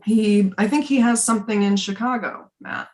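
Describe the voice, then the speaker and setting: A woman hosting a podcast in casual chat, searching for words with many halting restarts. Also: medium pitch, crowd noise. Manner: halting, full of fillers and restarts. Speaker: podcast host.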